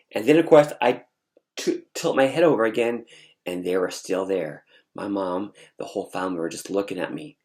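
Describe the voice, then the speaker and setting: A man vlogger telling a story in a casual, animated way, with frequent restarts and asides. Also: fairly low pitch, normal speed. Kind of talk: casual storytelling recounting a dream.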